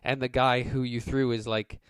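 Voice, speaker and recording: A game master with a smooth, medium-pitched voice narrates a tabletop game at a moderate pace. His delivery is relaxed and meandering, with frequent fillers. The recording is dry and clean, studio-grade.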